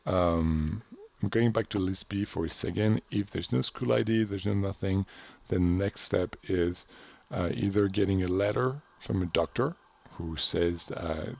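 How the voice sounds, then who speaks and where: A man from France talks through a tutorial in an offhand way, full of fillers and quick self-corrections. His voice sits very low, with a gravelly, husky edge. The recording is dull and lo-fi. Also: darkish tone. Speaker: instructor. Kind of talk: casual screen-share tutorial.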